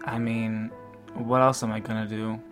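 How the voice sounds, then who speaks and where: A man playing a tabletop role-play game, giving short, deadpan, snarky replies. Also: on the low side, normal speed, soft background music. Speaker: player.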